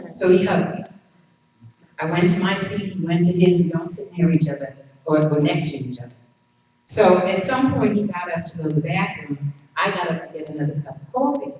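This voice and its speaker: A woman's voice: medium pitch, a little mellow, a little hiss or hum. A woman minister giving a reflective sermon, telling a personal story with quoted dialogue. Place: church hall. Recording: roomy hall, far from the mic.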